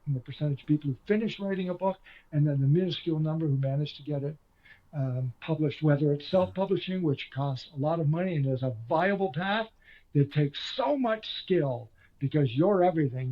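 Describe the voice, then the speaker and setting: A man's voice: on the high side, muffled recording. An older man, a former radio host and author, chatting in an interview in a self-deprecating storytelling way. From Canada. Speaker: author guest. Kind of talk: conversational interview.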